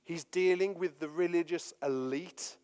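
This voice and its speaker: A male preacher delivering a sermon, moving between forceful scripture reading and relaxed, chatty asides. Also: a little high, unhurried, in a large hall. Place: church hall.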